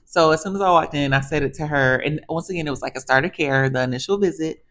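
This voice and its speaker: A woman physical therapist telling stories in a chatty, animated way, addressing viewers casually. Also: sits low, quick pace. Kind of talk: casual storytelling monologue.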